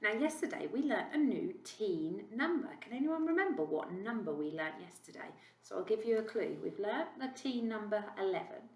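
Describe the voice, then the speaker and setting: A British woman teaching a recorded maths lesson to young children, slow, clear and encouraging. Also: mid-range voice, expressive, reverberant. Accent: British English. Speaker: reception class teacher.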